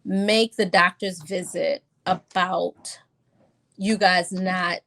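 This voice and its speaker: A middle-aged woman pediatrician talking casually in a podcast interview, often acting out quick exchanges with her young patients. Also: lowish voice, fairly even intonation, creaky, a bit bright. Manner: chatty, acts out patient exchanges in quick quoted voices. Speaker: pediatrician guest.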